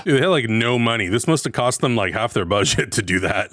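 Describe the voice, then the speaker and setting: A man reacts to a film in lively, animated talk, his pitch rising and falling as he laughs and teases. Clear background noise sits under his voice. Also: fairly quick. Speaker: movie reaction co-host. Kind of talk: casual reaction chat.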